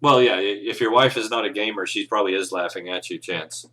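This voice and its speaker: A man's voice: lowish voice, fairly quick, a bit bright. A man who runs tabletop games, giving casual, earnest advice on a live show with encouraging, rambling talk. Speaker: game master, podcast host.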